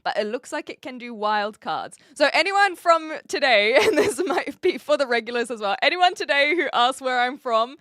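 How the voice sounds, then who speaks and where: A woman's voice: high voice, expressive, moderate pace, hardly any pauses, fairly bright tone, dry recording, studio quality. A woman from New Zealand with a mixed New Zealand, Australian and American accent, chatting casually and giggly as a live streamer with lots of fillers. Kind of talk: casual chat.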